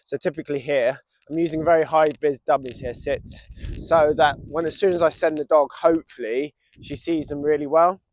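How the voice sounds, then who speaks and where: A man's voice: on the high side, a little fast, slight background noise. English man explaining dog training. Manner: calm explanatory, giving short commands to a dog. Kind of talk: outdoor training lesson to camera. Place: outdoors in a field.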